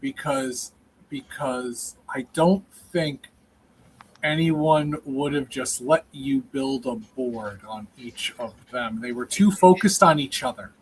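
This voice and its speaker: A man hosting a stream show in casual banter, chatty, with lots of fillers and quick affirmations. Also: medium pitch, a little hiss or hum, rough recording. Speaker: show host.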